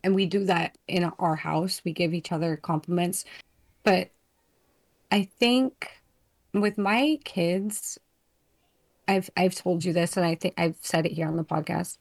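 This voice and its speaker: Chatty middle-aged mom on a podcast. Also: female voice, lowish voice, unhurried, vocal fry. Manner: chatty, warm storytelling with fillers. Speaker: podcast co-host. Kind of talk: casual podcast chat.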